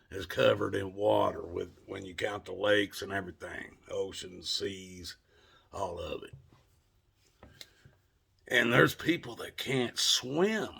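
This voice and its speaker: Brief: plainspoken Appalachian man spinning a yarn, drawled and unhurried, crisp bright edge. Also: fairly low pitch. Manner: drawling, plainspoken, cusses casually. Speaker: storyteller. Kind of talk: folksy storytelling monologue.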